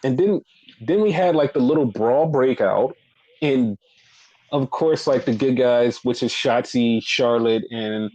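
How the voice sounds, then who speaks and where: A man casually recapping a wrestling show, talking in an animated, profane way. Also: lo-fi sound. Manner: animated, profane, acts out quotes in high voices. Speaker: podcast co-host.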